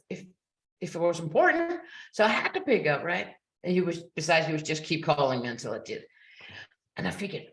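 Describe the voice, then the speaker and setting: A woman in her forties, a coach giving a motivational talk, telling her story earnestly and acting out what people said. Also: medium pitch. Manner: earnest, storytelling, animated quotes. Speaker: coach and speaker. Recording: roomy echo.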